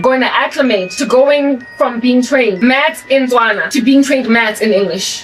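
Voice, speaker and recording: South african woman in her 40s, accent gone kinda american, rambly and emphatic, higher voice, bit far from the mic with soft music behind. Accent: South African with American influence. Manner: rambling, emphatic, self-correcting. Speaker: channel host. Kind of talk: ranting monologue.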